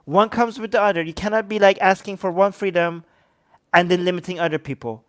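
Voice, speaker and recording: Male stream host, high voice, sarcastic and heated, bursts into yelling, speaks into a handheld mic. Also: animated, fairly quick. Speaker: livestream host. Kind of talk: heated live commentary. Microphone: handheld microphone.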